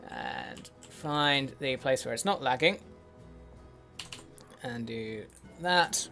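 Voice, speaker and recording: A man's voice: mid-range voice, expressive, very slow, vocal fry, bright, forceful tone. A man giving casual game commentary as a let's play host, muttering to himself with wry, sweary asides. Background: faint in-game music.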